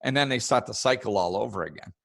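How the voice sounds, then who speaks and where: Podcast host, man, low gravelly voice, dry close sound, easygoing talk with acted-out quotes. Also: quick pace, no room sound. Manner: relaxed, acts out quoted people in raised voices. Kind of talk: casual spiritual self-help talk.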